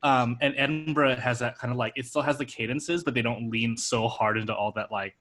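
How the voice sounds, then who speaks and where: A man's voice: mid-range voice, steady tone, a little fast, a bit bright, faint music behind. A man in casual chat, explaining things wryly through rambling asides.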